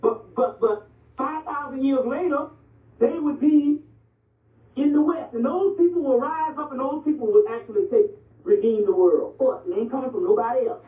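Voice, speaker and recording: A man with a high-pitched voice lectures bluntly, profanity and all, and keeps checking that his listeners follow him. He sounds thin and phone-like, as if he is far from the microphone in an echoing room. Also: moderate pace. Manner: blunt and profane, repeatedly asks "you see what I'm saying". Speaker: lecturer on ancient Egyptian history and religion. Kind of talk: animated street-talk lecture. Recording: distant, echoey, phone-like lo-fi recording.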